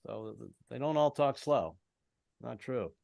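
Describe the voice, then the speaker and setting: A middle-aged American man doing an online stand-up set, halting and restarting, with deadpan punchlines. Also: medium pitch, vocal fry, dry recording, studio quality. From American East Coast. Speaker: stand-up comedian. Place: home in Brooklyn, online show.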